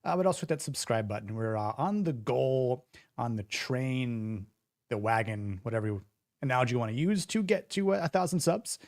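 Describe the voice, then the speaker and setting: A man's voice: mid-range voice, lively intonation, moderate pace, a little mellow, no room sound, studio quality. A young man hosting a casual livestream show, rambling with many fillers and restarts. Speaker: podcast host.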